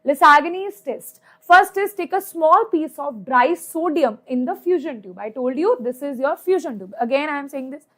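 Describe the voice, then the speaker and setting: In an online exam-prep chemistry lecture, a young woman speaks with an Indian English accent at normal speed, her high voice lively, fairly bright, and rarely pausing. She chats along, going over points again, often asking "right?" and slipping into Hindi.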